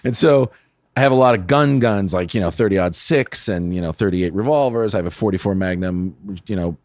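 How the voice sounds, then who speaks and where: A middle-aged man from California's San Fernando Valley, a guest on a podcast, telling animated, self-deprecating stories in casual, profane chat. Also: low voice, brisk, no echo, clean studio sound. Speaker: podcast guest, film producer.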